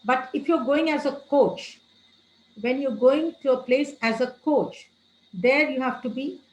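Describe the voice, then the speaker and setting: Woman trainer, slightly high voice, lecture delivery with stressed words, echoey room. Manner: addresses listeners as friends, gives tips.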